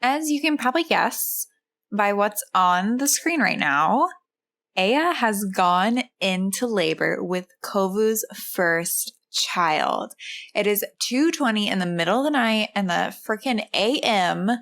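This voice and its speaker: A woman's voice: medium pitch, lively intonation, slow pace, gravelly, fairly bright tone. A woman hosting a casual let's-play, chatty and filler-heavy as she narrates her game. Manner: chatty, many fillers like "like" and "you know". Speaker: host, gameplay narrator.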